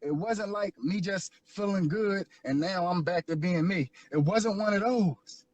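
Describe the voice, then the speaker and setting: Husky-voiced man giving heartfelt testimony. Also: high voice, measured pace, a little mellow. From Philadelphia, USA. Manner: earnest, repetitive, rising into preaching. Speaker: guest sharing his life story. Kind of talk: emotional personal testimony.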